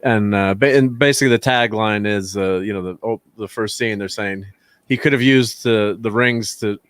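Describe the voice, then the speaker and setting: A man's voice: fairly low pitch, normal speed, a bit bright, no echo, clean studio sound. A man hosting a casual movie review chat, rambling and laughing often. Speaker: host.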